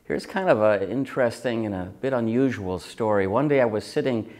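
A man's voice: fairly low pitch, lively intonation, a little fast, a little mellow. Man giving an easygoing Sunday sermon. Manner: conversational storytelling, acts out quoted people. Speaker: auxiliary bishop.

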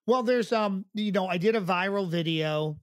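A man with a fairly high speaking voice tells animated stories, slipping into others' voices along the way. The sound is dry and close, with no room around it. The talk is relaxed and chatty. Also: normal speed, no echo. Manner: animated anecdote teller who acts out other people's lines. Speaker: guest, professional impersonator. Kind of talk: casual interview storytelling. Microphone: video call.

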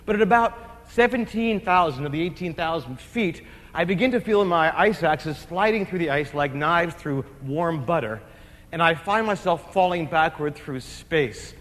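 Animated high-voiced man telling a story. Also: normal speed. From New Jersey. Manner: animated, comic storytelling with acted-out shouts and asides. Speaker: keynote speaker. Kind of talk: storytelling keynote speech. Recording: long hall reverb.

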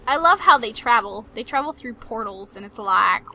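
A woman host giving playful, excitable let's-play commentary, taunting enemies and making silly sound effects as she plays. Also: mid-range voice, brisk, few pauses, slight background noise. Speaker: gaming channel host.

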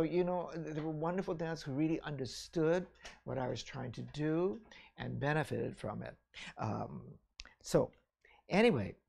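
An older man telling his memories in a loose, conversational flow, checking in with the listener as he goes. His voice is gravelly and husky, with a breathy edge. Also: fairly high pitch, darkish tone. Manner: chatty, rambling, frequent "you know" and "all right?". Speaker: ballet teacher recounting his career. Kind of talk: casual memoir talk.

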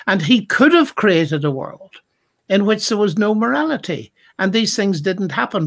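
A man's voice: high voice, big pitch swings, normal speed, creaky, a bit bright. A man speaking as a Christian apologist in a thoughtful discussion, reflective and retelling stories with acted-out quotes.

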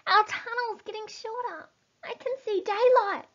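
A woman voicing small, frightened fox cubs in a storybook reading, high and alarmed. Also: fairly even intonation, a little slow, fairly bright tone. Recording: dull lo-fi recording.

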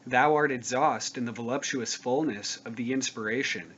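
A man's voice: medium pitch, moderate pace, a bit bright. Man reading scripture in a grave, declamatory voice. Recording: dull lo-fi recording with faint noise.

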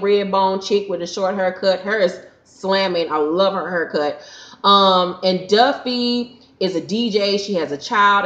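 A blunt, sassy woman recaps a reality TV episode, swearing freely as she gives her opinions. Her voice sits at a middling pitch and rings a bit in the room. The recording sounds dull and lo-fi. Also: fairly bright tone, reverberant. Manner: blunt, sassy and heavily profane.

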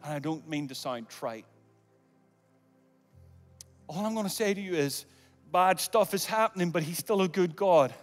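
A man preaching a sermon and leading an altar call, swinging from loud calls to hushed near-whispers, with humorous asides. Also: high voice, lively intonation, moderate pace, long pauses, big-room sound, soft background music. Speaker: guest preacher. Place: large church auditorium.

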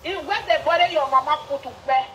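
Woman, casual gossip; high, sharp voice, teasing and scornful. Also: fairly quick, highs cut off, slight background noise.

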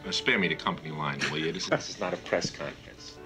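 An actor playing a wisecracking former pro player turned coach, in a 1970s TV drama. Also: male voice, a bass voice, quick pace, over music, low-quality recording. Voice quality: dry, wisecracking. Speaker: basketball coach.

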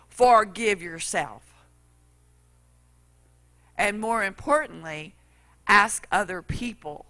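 Middle-aged woman preacher, bright voice, folksy storyteller. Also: mid-range voice. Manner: folksy storytelling, acts out quotes. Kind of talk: sermon.

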